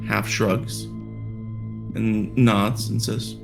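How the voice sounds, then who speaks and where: A man narrating a tabletop role-playing game as game master, relaxed and wry. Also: fairly low pitch, very slow. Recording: clear music behind.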